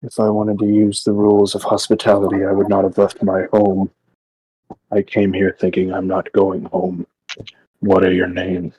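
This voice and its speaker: A man voicing a blunt adventurer in a tabletop game, speaking calmly and directly with a gruff edge. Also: deep voice, moderate pace, slight background noise, close to an everyday voice, poor audio. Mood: insistent. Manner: calm, direct, unintentionally gruff. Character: blunt deep-voiced man meeting fae.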